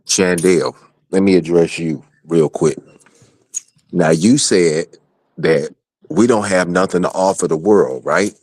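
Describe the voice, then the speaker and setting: A man on a livestream trades insults in a taunting call-out. He speaks in a low voice at an unhurried, drawn-out pace. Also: darkish tone, no room sound.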